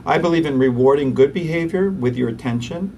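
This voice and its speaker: A man, a pediatrician, giving an interview and explaining parenting techniques in an animated way, acting out parents and kids. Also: a little high, a little fast, recorded from a distance, a little hiss or hum. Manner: animated, acts out parents and children.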